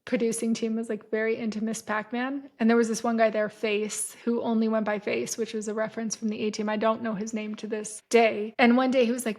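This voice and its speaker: Profane woman storyteller, flat high voice. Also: moderate pace, few pauses. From San Diego, California. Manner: profane, rambling, frequent "like" fillers. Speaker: podcast host. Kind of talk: casual storytelling.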